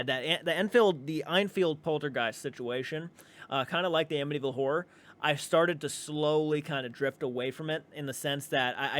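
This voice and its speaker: A man's voice: medium pitch, a bit bright. A man hosting a reaction video, talking casually and rambling, with restarts and casual swearing. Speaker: reaction channel host.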